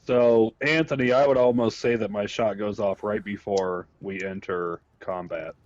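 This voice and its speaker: A man's voice: lowish voice, fairly even intonation, moderate pace, a little mellow, no room sound, lo-fi sound. A man playing a tabletop game, describing his character's actions at length. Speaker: player.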